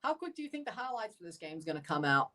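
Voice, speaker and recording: A man reacting live to a football match as a watchalong streamer, excitable and exasperated, often bursting into shouts. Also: high-pitched, very fast, far from the mic.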